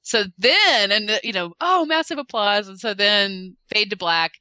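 A woman eagerly retelling a convention panel in casual chat, acting out the quotes with lively voice changes. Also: mid-range voice, unhurried, clean tone, dry recording. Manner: animated, acts out quotes with shifting voices. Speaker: fan recounting a convention panel.

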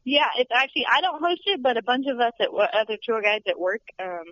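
A woman's voice: a little high, big pitch swings, fast talker, fairly bright tone, dry recording. A young woman who works as a studio tour guide, chatting in a bubbly, giggly way with lots of fillers. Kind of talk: casual interview chat. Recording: dull lo-fi sound.

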